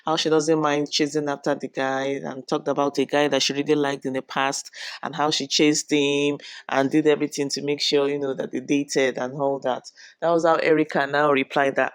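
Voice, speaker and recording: A woman's voice: deep voice, steady tone, moderate pace, no echo, clean studio sound. A woman, retelling reality show drama in a chatty, dramatic gossip style. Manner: chatty, dramatic retelling with frequent "you know". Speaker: reality show recap vlogger. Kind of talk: casual gossip recap.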